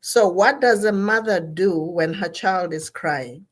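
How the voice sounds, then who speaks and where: A woman's voice: lowish voice, measured pace. A woman, a therapist giving an emphatic motivational talk on mental health. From Zambia. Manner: emphatic, repeats and spells out key words. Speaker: therapist speaking at an online gathering.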